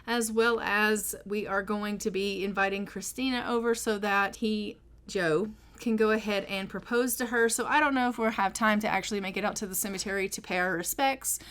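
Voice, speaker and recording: A woman's voice: medium pitch, steady tone, brisk, a bit bright, clean tone. A woman casually narrating her gameplay in a chatty, rambling way with frequent ums. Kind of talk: casual let's-play narration.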